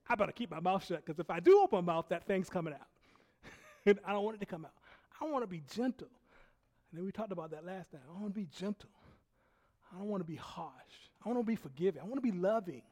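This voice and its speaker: A man preaching a sermon, telling a personal story in an animated way, laughing often and dropping from loud bursts to hushed quiet. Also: high voice, fairly quick, long pauses. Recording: long hall reverb.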